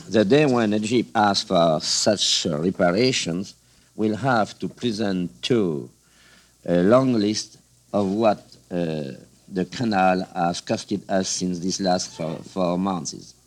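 A middle-aged man with a French accent, answering interview questions in a measured, hesitant way as he searches for words in his second language. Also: deep voice. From France. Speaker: political guest.

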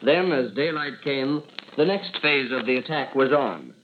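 A man presenting a radio newsreel in a crisp, formal announcing style. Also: mid-range voice, expressive, measured pace. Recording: tinny, hissy 1940s radio archive.

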